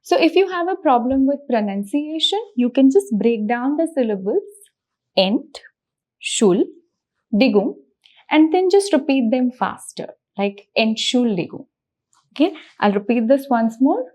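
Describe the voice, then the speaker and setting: A woman's voice: sits high, expressive, normal speed, few pauses, mellow. A woman teaching a language lesson, patiently repeating words and breaking them into syllables. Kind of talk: slow spoken language lesson.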